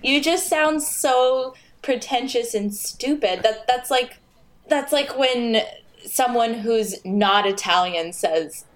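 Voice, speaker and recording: A woman co-hosting a casual podcast chat about a game, talking in an animated way and laughing as she mocks it. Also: a little high, takes it slowly. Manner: animated, laughing, mocking critique. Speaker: podcast co-host.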